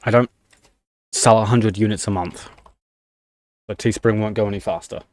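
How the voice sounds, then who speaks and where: A man's voice: fairly low pitch, fairly even intonation, normal speed, dry recording. A young man chatting casually on a live stream, ranting in annoyance while typing commands at his desk. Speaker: livestreamer.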